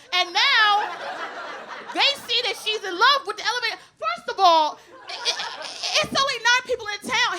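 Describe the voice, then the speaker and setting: Brash high-voiced woman doing stand-up. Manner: brash, profane, animated storytelling. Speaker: stand-up comedian. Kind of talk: stand-up comedy routine. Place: comedy club stage with live audience. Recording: live club recording with crowd laughter and noise.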